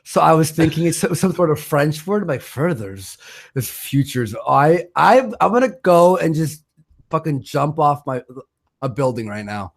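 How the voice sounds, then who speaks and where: Guy hosting a stream, swears a lot, jokey and self-mocking, voice a bit high. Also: lively intonation, normal speed, creaky. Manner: profane, joking, self-mocking. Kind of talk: casual livestream chat.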